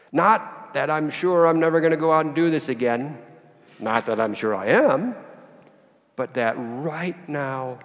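A man giving a sermon, telling a story with acted dialogue in an animated way. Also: mid-range voice, vocal fry. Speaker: priest. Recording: long reverb of a church hall.

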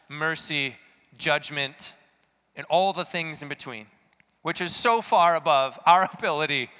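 Bright, clear-voiced man preaching in a hall. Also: mid-range voice. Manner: earnest, questioning, rises to emphatic peaks. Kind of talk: sermon.

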